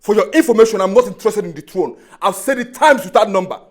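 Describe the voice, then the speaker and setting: A man's voice: high-pitched, expressive, quick pace. An actor with a Nigerian accent playing a defiant young man who threatens to burn down the palace. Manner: threatening and emphatic. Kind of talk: Nollywood film acting.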